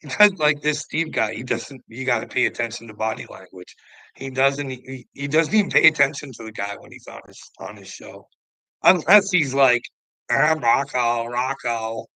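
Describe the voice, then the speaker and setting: A man's voice: mid-range voice, animated, normal speed, gravelly, sharp tone, no echo, low-quality recording. A man livestreaming to his chat, ranting in a profane, confrontational, goading way.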